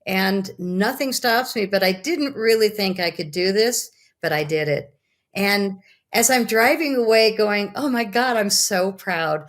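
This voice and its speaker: Animated woman telling a story. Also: mid-range voice, unhurried. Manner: animated, acts out her own quotes. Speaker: guest. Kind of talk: casual storytelling.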